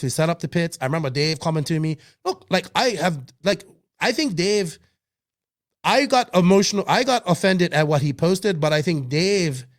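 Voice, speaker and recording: Male co-host, a bit high-pitched, worked-up, profane and emphatic. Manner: heated, emphatic and profane, with restarts. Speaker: podcast co-host. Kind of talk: casual podcast chat.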